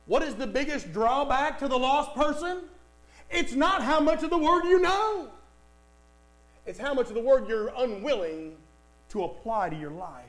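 A man's voice: very high voice, fairly bright tone, poor audio. A man preaching a sermon, emphatic, repeating lines for stress and speaking straight to the congregation. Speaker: pastor.

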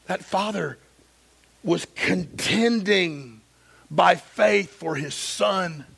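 Male pastor, impassioned sermon, bright and tense tone, gravelly edge. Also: high-pitched, drawn-out words. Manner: impassioned, swinging from loud emphasis to hushed.

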